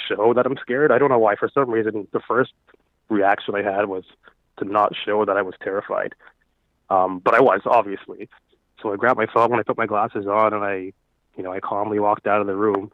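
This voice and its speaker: A man's voice: lowish voice, no echo. A man in his thirties from Florida calls in by phone and tells a ghost story, nervous and hesitant, with many fillers. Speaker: caller. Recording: tinny phone line, very dry.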